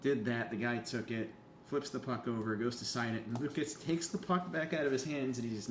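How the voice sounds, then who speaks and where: A man's voice: mid-range voice, fairly quick. A young man telling a story in casual chat, swearing freely and acting out the people he quotes. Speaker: podcast guest. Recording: echoey room with faint hum.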